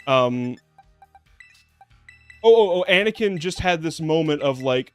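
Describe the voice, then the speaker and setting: Guy streaming a game, kinda high voice, rambly with lots of ums, sarcastic, faint music under it. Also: expressive, measured pace, pauses often, dry recording. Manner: rambling, lots of fillers and restarts; swears casually, sarcastic. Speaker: VTuber streamer. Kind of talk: casual gameplay commentary.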